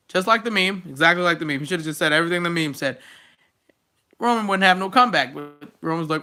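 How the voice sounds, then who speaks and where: A man's voice: fairly high pitch, moderate pace, bright, forceful tone, smooth. A man recapping wrestling shows in a casual, sarcastic and exasperated rant. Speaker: wrestling show reviewer.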